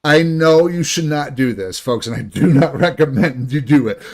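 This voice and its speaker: Male live-stream host, medium pitch, animated reaction commentary with stumbling restarts. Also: moderate pace, hardly any pauses. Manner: animated, laughing asides, frequent restarts.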